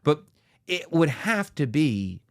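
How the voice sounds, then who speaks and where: A man's voice: a little high, big pitch swings, slow pace, no room sound, clean studio sound. A man co-hosting a podcast, reading out facts and teasing his co-host in casual chat.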